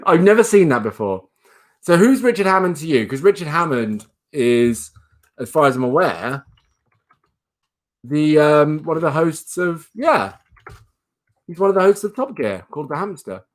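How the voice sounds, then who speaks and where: A man's voice: very animated, a little slow, pauses often. A man hosting a casual livestream, rambling and laughing as he reads out viewer comments. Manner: coos in a high baby voice at a pet rabbit. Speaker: livestream host.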